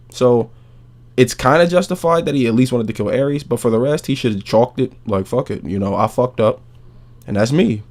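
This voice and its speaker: A man hosting a podcast, recapping a game's story in a casual, profane, animated way. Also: lowish voice. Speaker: podcast host.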